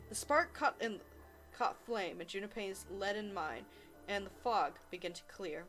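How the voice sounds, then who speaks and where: A young woman playing a visual novel, reading the text and dialogue aloud with laughing, excited asides. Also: mid-range voice, unhurried, soft background music. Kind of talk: let's play narration.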